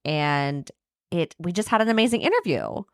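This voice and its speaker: A woman co-hosting a podcast in casual chat, bubbly and quick to laugh. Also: on the low side, no room sound, studio quality. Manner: bubbly, laughs often, lively delivery. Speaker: podcast co-host.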